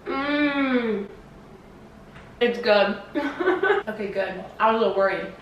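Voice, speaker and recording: A woman's voice: on the high side, slow, roomy sound, muffled recording, soft background music. A woman in her twenties, chatty and giggly, narrating a casual vlog in her home kitchen. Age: 20s. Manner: chatty, giggly, gets teary with excitement. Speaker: vlogger.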